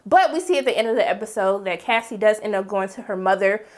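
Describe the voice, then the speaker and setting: A young woman reviewing a TV episode in a casual vlog, talking in a sassy, slangy way with big swoops up in pitch on exclamations. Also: expressive, fast talker. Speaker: TV show reviewer.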